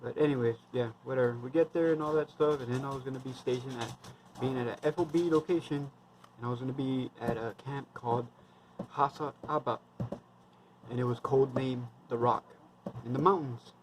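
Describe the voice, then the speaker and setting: A man's voice: medium pitch, steady tone, fairly quick, background noise. A man in his thirties, a military veteran, telling war stories in a rambling, blunt, heavily profane casual monologue.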